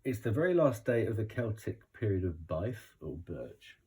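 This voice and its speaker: A British man with a croaky voice, rambling and chuckling as he gives a casual oracle card reading. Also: on the low side, very animated, normal speed, dark tone. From Britain. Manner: rambling, chuckling between thoughts.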